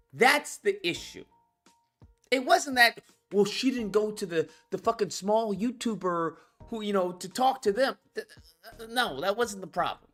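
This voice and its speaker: A man hosting his own call-in stream, talking politics in a blunt, exasperated rant full of swearing. His voice is bright and forward, and his pitch leaps all over the place as he goes. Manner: profane, blunt, exasperated ranting. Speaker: host of a call-in commentary stream. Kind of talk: casual political commentary.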